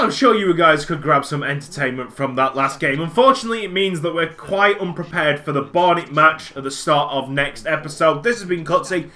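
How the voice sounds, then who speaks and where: A young man commentating his own football video game, excitable and often shouting at the match. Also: on the high side. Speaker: YouTube gamer.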